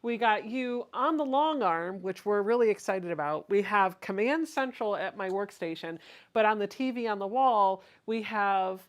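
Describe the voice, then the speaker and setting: A woman's voice: medium pitch, normal speed. A woman hosting a casual live stream from her home sewing studio, bubbly and teasing, laughing often. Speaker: host.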